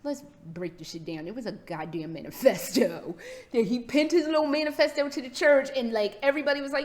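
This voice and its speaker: A woman's voice: high-pitched, fairly quick. A young American woman ranting casually to camera as a vlogger, hyper, rambling and swearing freely. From United States. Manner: hyper, profane, rambling and animated.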